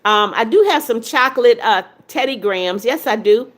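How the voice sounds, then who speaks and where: A woman's voice: on the high side, lively intonation, normal speed. A woman in her seventies hosting a livestream, casually reading viewers' comments aloud and greeting them by name. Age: 70s. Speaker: livestream host.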